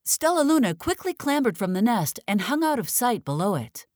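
A woman narrates a children's picture book with a lively, swooping pitch. She reads expressively and lingers on the dramatic moments. The recording is dry and close, with no room sound. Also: moderate pace, dry recording.

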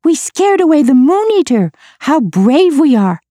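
A woman voicing a chorus of timid, fretful jungle night creatures in a storybook, shrill and wailing. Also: very animated, unhurried, dark tone, no room sound, clean studio sound. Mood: triumphant.

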